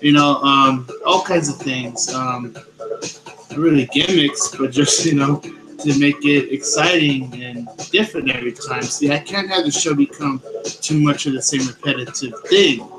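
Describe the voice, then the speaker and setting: A man hosting a paranormal news show, talking loudly and close to the microphone, with many fillers and pauses. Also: mid-range voice, low-quality recording. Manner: loud, speaks close to the mic, hesitant with fillers. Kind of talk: casual solo show talk. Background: background music.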